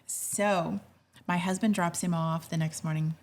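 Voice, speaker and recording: A woman in her fifties hosting a podcast, telling a family story in a casual, animated way. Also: fairly low pitch, a little slow, slight background noise. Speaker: podcast host.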